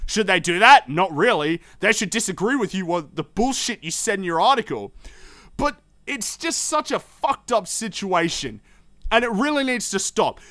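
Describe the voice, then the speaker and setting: A man's voice: high-pitched, very animated, moderate pace, a bit bright, no echo. A young man hosting a gaming news show, ranting in a heated, profane, exasperated way about the games industry. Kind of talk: opinionated commentary rant.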